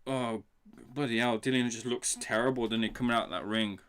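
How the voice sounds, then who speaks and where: A young man hosting a live boxing reaction stream, excitable and swearing freely while he talks to his chat. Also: medium pitch, a little fast, smooth. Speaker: livestream boxing reaction host.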